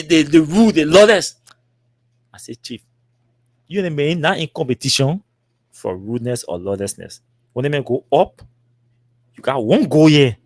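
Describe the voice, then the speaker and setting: A man's voice: fairly high pitch, no echo, clean studio sound. A man with a Liberian English accent, telling a long story and acting out the dialogue with lots of repetition. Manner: animated, acts out dialogue with repetitions. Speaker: talk show host. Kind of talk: storytelling monologue.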